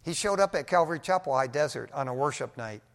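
An older man preaching a sermon, telling a testimony in an animated, folksy way and often dropping "man" into his sentences. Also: a little high, quick pace, gravelly. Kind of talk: storytelling sermon. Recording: long hall reverb.

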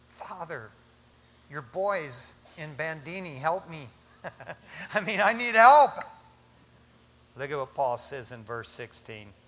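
A male pastor preaching a sermon in a casual, dynamic way, swinging between loud emphasis and hushed asides. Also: a little high, in a large hall. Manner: casual, says "man" often.

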